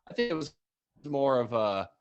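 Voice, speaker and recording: A man hosting a podcast in casual chat, speaking in a relaxed way and chiming in with short reactions. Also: mid-range voice, normal speed, clear, resonant tone, dull audio. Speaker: podcast host.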